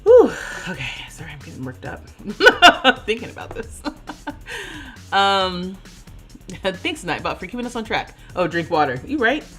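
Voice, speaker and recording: A woman in her thirties chatting casually on a livestream while she plays, laughing often and thinking out loud. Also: mid-range voice, wildly swooping pitch, measured pace, soft background music. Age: 30s. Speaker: streamer.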